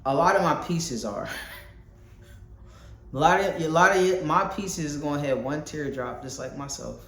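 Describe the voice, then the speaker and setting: A man's voice: on the high side, moderate pace, fairly bright tone. A man from talking casually in a vlog while painting at home, candid and rambling, swearing freely. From Philadelphia. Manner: loose and candid, swears freely, muses aloud with many fillers. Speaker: vlogger and visual artist. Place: indoors at home, painting a wall. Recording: echoey room.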